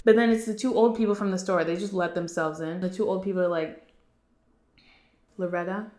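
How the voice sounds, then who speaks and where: A young woman casually recapping a movie in a chatty, giggly way, slipping into quick impressions of the characters. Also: on the low side, steady tone, darkish tone. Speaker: film vlogger. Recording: echoey room.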